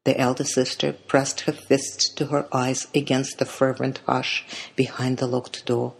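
Husky-voiced storyteller reading a fairy tale. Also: mid-range voice, level tone. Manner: measured, dramatic read-aloud delivery.

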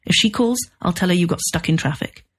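A woman voicing a pushy male literary agent who sounds shrill, pleading and wound up. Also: animated, brisk, slightly rough. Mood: agitated.

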